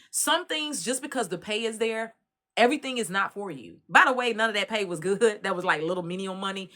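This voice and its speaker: Texas woman host, bright voice, lively colloquial storytelling, commentary. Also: medium pitch. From Dallas, Texas. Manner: animated storytelling, Southern colloquial speech. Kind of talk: casual spoken commentary.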